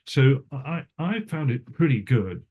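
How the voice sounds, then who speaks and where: An older man, a cinematographer, rambles through stories in a casual interview, restarting himself often and veering into asides. His mid-range voice is dark and slightly rough, with big pitch swings and a slightly slow pace.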